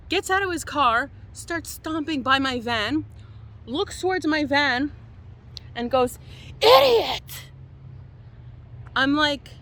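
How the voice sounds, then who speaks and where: A young woman from Quebec telling a story to camera as a van-life vlogger, animated and exasperated. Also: high voice. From Quebec, Canada.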